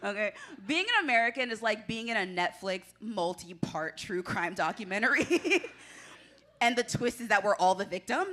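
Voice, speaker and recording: Bright-voiced woman doing stand-up. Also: medium pitch, lively intonation, moderate pace. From Washington, D.C. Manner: self-deprecating, chatty, laughs between jokes. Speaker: stand-up comedian. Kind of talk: stand-up comedy set. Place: small club stage with audience.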